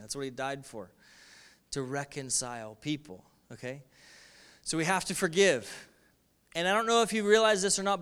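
A man's voice: a little high, fairly bright tone, clear, resonant tone. A male pastor giving a sermon to a congregation, talking in an emphatic, repetitive, conversational way. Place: in front of a congregation.

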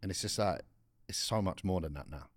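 A man's voice: low voice, fairly quick, slightly rough, no echo, clean studio sound. A young man co-hosting a podcast in casual chat, blunt and slangy, explaining things at length. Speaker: podcast co-host.

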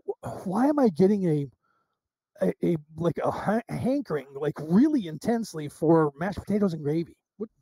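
A middle-aged man with a high, dark-toned voice tells anecdotes in a relaxed interview and acts out every line of dialogue with plenty of restarts. The sound is dry and close. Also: moderate pace, slightly rough, dry recording. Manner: animated storyteller acting out quoted dialogue, with restarts. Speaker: psychic medium guest. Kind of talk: casual interview storytelling.

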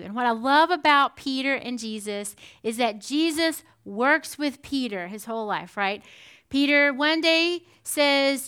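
A woman preaching in a loose, chatty storytelling way, her voice pitched high and bright with a smooth, clear tone. She keeps tossing quick asides to the congregation. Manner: animated storytelling with frequent "right?" asides. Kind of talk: conversational sermon.

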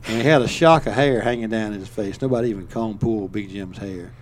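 A man's voice: on the low side, a little fast, noisy background. An older man from Alabama with a Southern accent, telling a story in a folksy, rambling way and chuckling as he goes. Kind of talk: casual storytelling.

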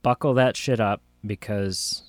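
A man's voice: fairly low pitch, steady tone, measured pace, no room sound, studio quality. A man co-hosting a podcast in casual chat, jokey and rambling, often trailing off and restarting. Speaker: podcast co-host. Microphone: phone that cuts out.

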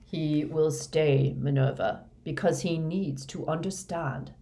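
A woman voicing an ancient male wizard headmaster who speaks in a measured, curt, authoritative way. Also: low-pitched, a little mellow. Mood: cold command.

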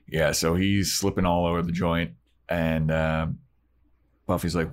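A man's voice: deep voice, level tone, unhurried. A man co-hosting a casual chat, retelling a story in a laid-back, rambling way. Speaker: podcast co-host.

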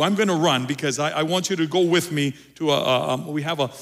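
A male pastor preaching a sermon, repeating phrases and moving between loud emphasis and quiet. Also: on the high side, quick pace, hardly any pauses, a little hiss or hum.

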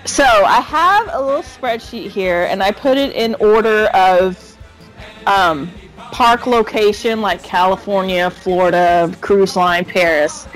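A woman's voice: medium pitch, slow pace, faint music behind, rough recording. A woman hosting a casual podcast, upbeat and giggly as she keeps things orderly. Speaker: podcast host.

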